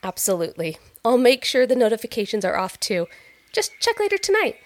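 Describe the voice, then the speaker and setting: A gracious female artist who speaks with an animated, lilting rise and fall and a slightly high voice. She is sweet and effusive, gently probing the person she's talking to in an audio drama. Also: fairly quick. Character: gracious warm female artist, doctor's wife.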